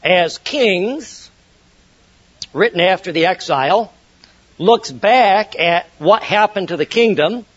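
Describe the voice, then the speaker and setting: A middle-aged man preaching a Bible lecture in a high voice. He speaks with insistent emphasis, repeats key phrases, and climbs higher when reading scripture. The recording is dull and lo-fi. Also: expressive, takes it slowly, a bit bright. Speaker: Bible teacher. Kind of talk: sermon-style Bible lecture.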